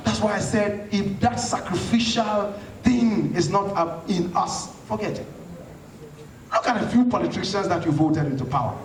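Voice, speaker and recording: A man's voice: high-pitched, normal speed. A man from Ghana giving an impassioned, rhetorical talk to an audience in a hall, answering questions. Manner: fiery, rhetorical, preaching tone. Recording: echoey hall from far off.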